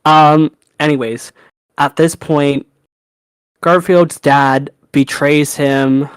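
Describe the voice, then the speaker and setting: A man's voice: a little high, slow, clean tone, no echo. Young guy rambling about a movie, swears a lot, laughs, dry close sound. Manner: animated, swears freely, laughs often. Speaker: podcast co-host. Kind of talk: casual chat.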